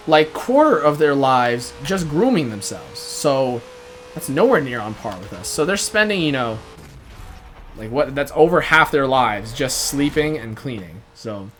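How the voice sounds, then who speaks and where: A man's voice: a little high, big pitch swings, unhurried, a bit bright, slight background noise. A young man giving rambling, casual commentary over a racing game he hosts, often laughing between thoughts. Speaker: gaming channel host.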